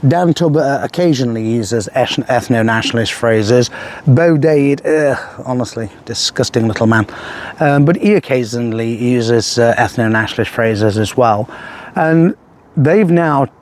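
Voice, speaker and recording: An older man from England ranting through a political monologue, aggressive, profane and threatening, with halting restarts. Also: medium pitch, darkish tone, a little hiss or hum. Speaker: political commentator.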